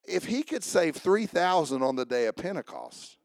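A man's voice: on the high side, big pitch swings, normal speed, no echo, studio quality. A man preaching a sermon as pastor, fervently asking the congregation questions and answering them. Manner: preaching with rising fervor and call-and-response questions.

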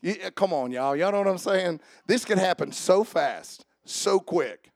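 A male pastor, preaching a sermon that swings from shouting fervor to hushed, earnest prayer. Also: high voice, big pitch swings, moderate pace, creaky, no room sound, studio quality.

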